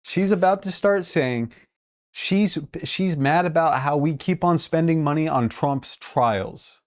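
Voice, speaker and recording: A woman's voice: low-pitched, slow pace, a little mellow. Woman streamer reacting to a clip, chatty and snarky, swears a lot. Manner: chatty, sarcastic, swears freely. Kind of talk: casual live-stream commentary.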